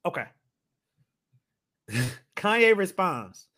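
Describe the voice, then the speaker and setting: Male podcast co-host, casual, animated storyteller who laughs a lot. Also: high-pitched, normal speed. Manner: animated, laughing while retelling. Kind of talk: casual chat.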